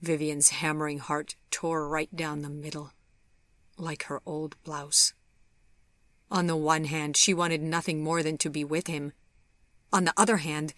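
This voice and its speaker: A woman narrating a storybook in a measured, softly dramatic way, sometimes dropping to a whisper. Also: low voice, level tone, no echo, clean studio sound. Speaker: audiobook narrator.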